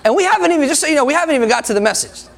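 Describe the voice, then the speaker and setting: A man's voice: very high voice, lively intonation, very fast, gravelly. A man preaching a sermon, joking with the people in the room and laughing often between points. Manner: laughs often, jokes with the congregation.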